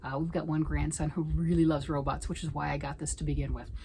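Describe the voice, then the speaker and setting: A middle-aged woman vlogging at home about knitting, chatting in a rambling way and often sinking into a soft near-whisper. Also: low-pitched, level tone, fast, a little hiss or hum, low-quality recording. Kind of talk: casual chat.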